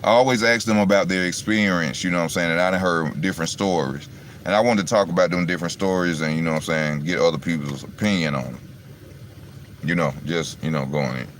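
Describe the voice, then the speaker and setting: A man's voice: low-pitched, fast talker, a bit bright, a little hiss or hum. A man talking casually to his viewers through his phone and retelling a story in a loose, rambling way, often asking "you know what I'm saying". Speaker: vlogger. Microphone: phone on charge.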